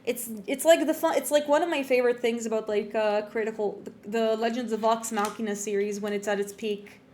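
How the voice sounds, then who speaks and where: Rambling, animated young woman streamer. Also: on the high side, fairly quick, a little hiss or hum. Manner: rambling, animated, lots of fillers and restarts. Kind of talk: live let's play commentary.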